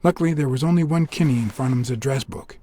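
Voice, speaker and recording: A man's voice: medium pitch, fast, dark tone, slightly rough, lightly acted. A man voicing a cool-headed 1950s detective, speaking in a dry, wry game monologue. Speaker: private detective. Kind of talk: video game voice acting.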